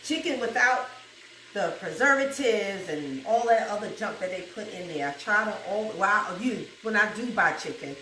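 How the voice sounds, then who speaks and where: A woman's voice: mid-range voice, expressive, normal speed, bright, forceful tone, recorded from a distance, a little hiss or hum. A woman with a New York accent hosting a home cooking video, chatting casually, laughing often and breaking into gospel song. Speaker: cooking show host. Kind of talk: casual cooking chat with bursts of gospel singing. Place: home kitchen with food frying. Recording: roomy kitchen audio from off-mic.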